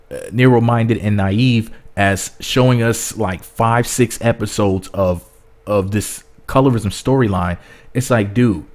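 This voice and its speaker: A man's voice: mid-range voice, darkish tone. A man giving casual spoken commentary in a rambling way, repeating words as he goes. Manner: rambling, repeats words, drops into mocking voices. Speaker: vlogger.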